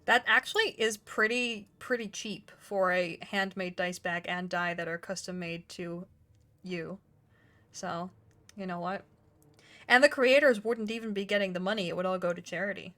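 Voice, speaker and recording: A woman running a tabletop game on a live stream, who laughs often and rambles. Her pitch sits in the middle of the range. She talks in a loose, self-mocking way between bits of narration. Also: fairly even intonation, normal speed, a bit bright. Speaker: dungeon master and stream host.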